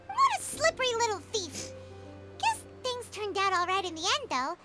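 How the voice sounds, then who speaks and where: A woman voicing a tiny floating fairy companion in a game, chirpy, excitable and squeaky. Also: moderate pace, loud music behind the voice, exaggerated voice. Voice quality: squeaky, high and bouncy. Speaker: game character. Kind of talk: game voice acting.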